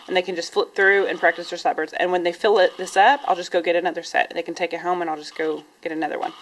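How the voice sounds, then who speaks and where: A woman's voice: lowish voice, a bit bright, a little hiss or hum, low-quality recording. A woman teacher, chatting casually in a classroom vlog, rambling with lots of "um"s and "y'all"s, a little sniffly. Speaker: primary teacher vlogger.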